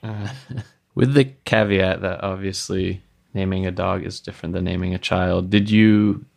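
A man hosting a podcast, asking relaxed questions in a gravelly voice. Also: low voice, normal speed. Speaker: podcast host. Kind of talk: casual interview chat.

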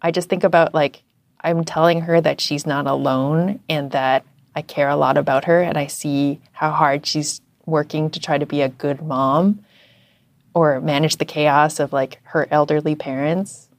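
A woman from Canada, a journalist, telling stories in a chatty, animated way with lots of fillers. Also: sits low, normal speed, no echo. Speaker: guest, journalist. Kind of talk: casual interview chat.

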